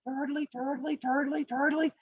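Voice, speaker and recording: Man putting on a squeaky cheeky little turtle. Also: flat delivery, moderate pace, recorded from a distance, dull audio. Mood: plodding. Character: plucky slow little male turtle.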